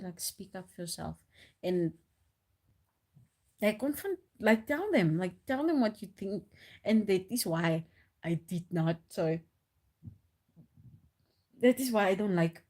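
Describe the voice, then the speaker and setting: A woman talks casually on a live stream, spinning animated, rambling stories full of restarts and laughter. Her voice sits at a middle pitch for a woman, and she speaks into a phone. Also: husky. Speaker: livestreamer.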